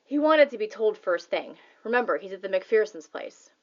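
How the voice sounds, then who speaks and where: A woman voicing an excitable father who shouts when thrilled, for a storybook reading. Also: medium pitch, normal speed, muffled recording, close to an everyday voice.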